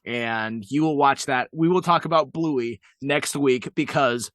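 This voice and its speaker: A man's voice: medium pitch, unhurried, a bit bright, dry recording. A man co-hosting a podcast in casual chat, with a dry, joking manner. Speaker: podcast co-host.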